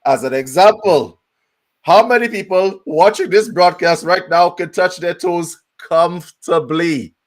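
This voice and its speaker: A man co-hosting a live therapy talk show, coaching viewers directly in an emphatic, energetic way. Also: high-pitched, measured pace.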